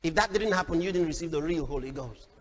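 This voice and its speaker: A male pastor preaching a fiery, dramatic sermon, shouting at peaks and acting out voices. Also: fairly high pitch, fast talker. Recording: echoey hall, dull lo-fi sound.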